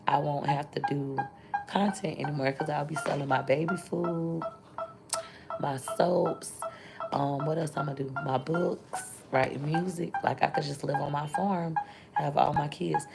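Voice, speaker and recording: Low, gravelly woman over loud music. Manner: candid, rambling, thanks viewers between thoughts. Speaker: content creator and mother. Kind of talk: casual livestream chat with viewers. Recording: loud music playing behind the voice.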